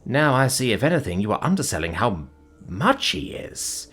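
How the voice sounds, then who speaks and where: A man as a quiet, confiding young spacer. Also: mid-range voice, very animated, moderate pace, breathy edge, soft background music.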